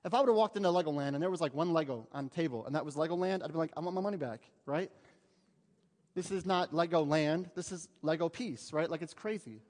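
A male pastor delivers a conversational sermon, with humorous asides to his congregation. His voice sits a little high. A long reverb hangs on every line from the church hall. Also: fairly quick, a little mellow. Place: church sanctuary.

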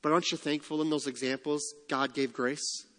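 Pastor, male, high-pitched, conversational preaching with rhetorical questions and light humor, long hall reverb. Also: fairly even intonation, fairly quick, a bit bright. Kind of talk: sermon.

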